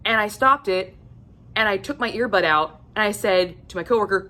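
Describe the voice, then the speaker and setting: A woman's voice: mid-range voice, normal speed, pushed and bright. A woman giving a casual video book review, gushing and effusive and swearing freely.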